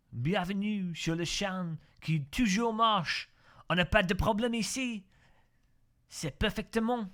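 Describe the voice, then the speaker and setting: Man doing a loud, high, over-the-top fake-French boaster, bright tone. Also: heavily acted. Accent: exaggerated fake French. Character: hammy, boastful Frenchman greeting viewers.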